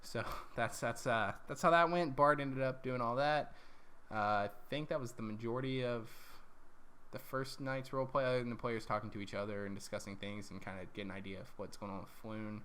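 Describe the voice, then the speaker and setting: A man's voice: mid-range voice, fairly even intonation, a little fast, fairly bright tone, slight background noise. A man recapping his tabletop campaign as dungeon master, rambling along with lots of ums and corrections.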